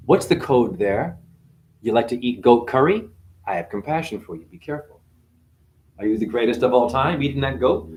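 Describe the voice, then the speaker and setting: A man delivering a rambling spiritual monologue, full of swearing, wordplay and sudden swings from muttering to shouting. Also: a little hiss or hum. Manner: profane, wordplay-driven, jumps between wild pitch swings and mutters. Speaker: spiritual speaker.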